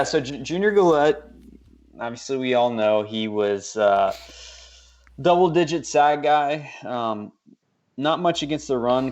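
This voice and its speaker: A man co-hosting a casual sports podcast, rambling with lots of fillers and restarts. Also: mid-range voice. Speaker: podcast co-host.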